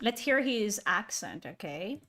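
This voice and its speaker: A woman's voice: medium pitch, big pitch swings, unhurried, fairly bright tone. A woman ranting through a reaction video, sarcastic, incredulous and full of swearing. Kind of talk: exasperated ranting commentary.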